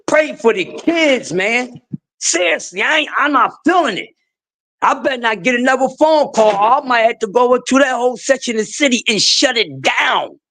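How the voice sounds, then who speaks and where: A man's voice: very high-pitched, lively intonation, normal speed, slight background noise. Fired-up man ranting on a livestream. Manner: emphatic, preachy, swings between shouting and quiet. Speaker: livestream host. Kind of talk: impassioned livestream rant.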